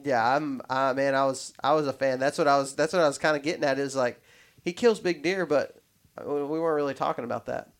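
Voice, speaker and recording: A man's voice: medium pitch, a little fast. A man hosting a podcast, chatting in a rambling, story-telling way with many restarts. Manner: rambling, restarts often, animated when telling stories. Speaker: podcast host. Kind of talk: casual podcast chat.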